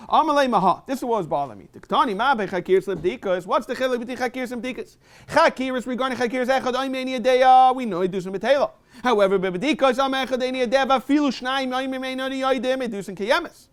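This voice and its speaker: Fast, high-voiced man teaching Talmud. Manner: quick, mixes Aramaic reading with English explanation and questions. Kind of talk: Talmud study lesson. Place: synagogue.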